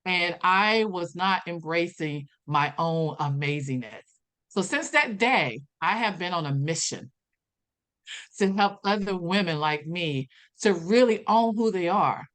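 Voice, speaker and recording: A woman guest on an interview podcast, telling her story in a lively way and acting out the dialogue she quotes. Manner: animated, acts out quoted dialogue with big pitch jumps. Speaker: podcast guest, personal development coach.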